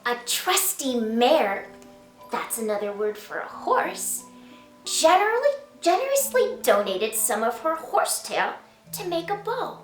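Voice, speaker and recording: Woman storyteller for a children's read-aloud, playful and unhurried, roomy sound with faint music under her. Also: on the high side, very animated, distant mic. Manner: slow, sing-song and playful, invites kids to join in. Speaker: children's author reading her picture book.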